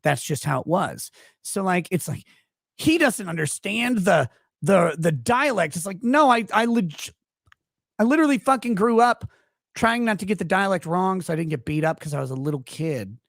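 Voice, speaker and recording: A man's voice: sits high, lively intonation, moderate pace, vocal fry, fairly bright tone, dry recording, studio quality. A man in his forties from Houston, a podcast guest telling a rambling, profane story in casual chat. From Houston, Texas.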